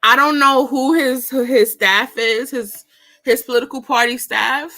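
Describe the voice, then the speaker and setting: A woman's voice: sits high, steady tone, measured pace, pushed and bright. A woman casually reviewing a political debate on her own show, slangy and exclaiming, often breaking into laughter. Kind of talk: casual commentary.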